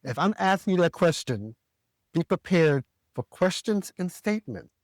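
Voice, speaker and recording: A man from the American South telling a story as a podcast co-host, animated and profane, jumping higher when he quotes himself. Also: normal speed, dry recording, clean studio sound. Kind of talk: casual storytelling rant.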